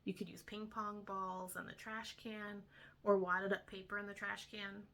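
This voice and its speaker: A woman's voice: medium pitch, flat delivery, normal speed, pushed and bright, a little hiss or hum. A young woman, a homeschool tutor, casually explaining her week's lessons step by step with frequent ums. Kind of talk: casual instructional talk to camera.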